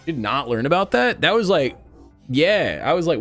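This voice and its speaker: With soft music in the background, a twenty-something man from Missouri talks to his stream viewers at a normal speed in a slightly high voice, animated, joking, and sarcastic.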